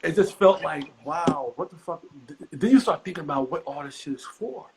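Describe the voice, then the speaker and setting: A middle-aged man from the US East Coast, a comedian guest telling profane stories with animated, high-pitched acted quotes. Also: a little fast, crowd noise, poor audio. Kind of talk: animated storytelling.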